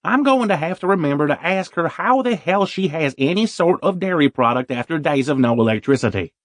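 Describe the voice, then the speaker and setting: Male audiobook narrator, wry and self-deprecating, somewhat high voice, dry close recording. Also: lively intonation, fairly quick, no echo. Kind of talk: first-person audiobook narration.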